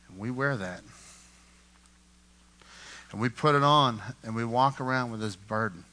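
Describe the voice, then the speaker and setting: Fiery preacher man with a bright voice. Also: mid-range voice, a little slow, long pauses. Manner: impassioned, swings from loud emphasis to hushed; repeats words when building a point. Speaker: pastor. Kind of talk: sermon.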